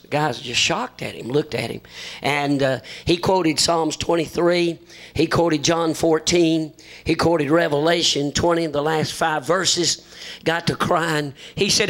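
A man's voice: on the high side, normal speed, fairly bright tone. A man preaching a folksy sermon, telling humorous stories and acting out the voices of the people in them. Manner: folksy joking, acts out voices in his stories. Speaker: visiting preacher.

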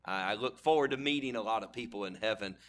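A man's voice: fairly low pitch, fast, fairly bright tone, a little hiss or hum. A man preaching a sermon in a church, telling folksy stories and building to fervent, repeated appeals. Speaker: guest preacher. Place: church sanctuary.

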